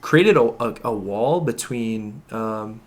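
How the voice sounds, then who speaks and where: A young man, a podcast guest, telling a personal story in casual chat, animated and often laughing. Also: fairly low pitch, slow.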